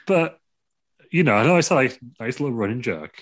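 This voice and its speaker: A man's voice: medium pitch, moderate pace, breathy edge. A man co-hosting a casual wrestling podcast chat, blunt and swearing freely. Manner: blunt, swears, animated opinions. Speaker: podcast co-host.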